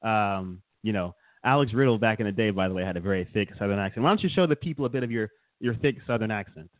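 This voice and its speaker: A man's voice: on the low side, lively intonation, fast, no echo. Chuckling man on a tinny line. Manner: chuckling, rambling, teasing. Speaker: podcast co-host. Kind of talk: casual comedic chat. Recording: dry, tinny phone-like sound.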